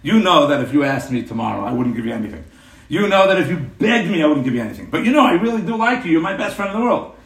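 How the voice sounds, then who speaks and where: A stingy rich older man, nervous and earnest as he presses his oldest friend, as a man puts him on in a story. The voice sits a little low and hushed. It is caught by a mic set back in a roomy space. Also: sing-song, fast talker. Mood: apologetic. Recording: roomy room, mic at a distance.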